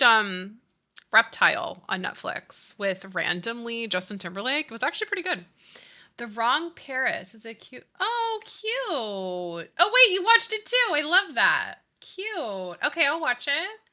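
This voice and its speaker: A woman's voice: on the high side, very animated, measured pace, pushed and bright. A woman in her thirties, a streamer chatting casually with her viewers while she builds in a game. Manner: chatty, upbeat, reads and answers chat.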